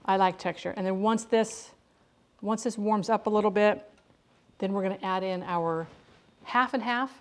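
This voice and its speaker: Cooking at home for a live stream, a middle-aged woman talks casually in a medium-pitched voice at a moderate pace, broken by long pauses. Her chatter is rambling, with many restarts.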